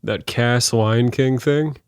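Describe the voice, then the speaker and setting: A man's voice: mid-range voice, slow pace, clean tone, dry recording. Laid-back man, dry close sound. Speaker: podcast co-host. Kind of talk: casual chat.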